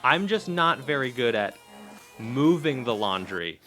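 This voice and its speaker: A man's voice: mid-range voice, sing-song, measured pace, a bit bright, soft background music. A man co-hosting a casual live stream, joking and rambling in a self-deprecating way. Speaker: co-host.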